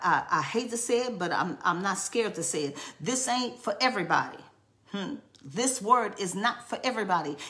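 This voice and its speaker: A woman's voice: a little high, gravelly, fairly bright tone. A woman preaching a charismatic sermon, fervent and repetitive, breaking into tongues.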